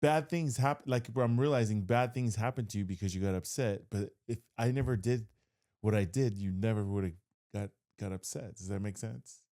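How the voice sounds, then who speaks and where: A man's voice: on the low side, normal speed, mellow. A man co-hosting a podcast, chatting casually, sheepish about his part and backing up the story with short yeahs and laughs. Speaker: podcast co-host. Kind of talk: casual chat.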